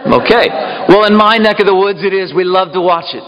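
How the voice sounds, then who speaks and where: A man's voice: sits high, steady tone, fast, lo-fi sound. A man preaching a sermon, emphatic and asking the congregation questions. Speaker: pastor. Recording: long reverb in a hall.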